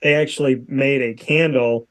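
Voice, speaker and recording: Hosting a casual talk show, a man in his thirties uses a mid-range, fairly bright voice with fairly even intonation and a moderate pace. He's emphatic and repeats phrases to drive points home.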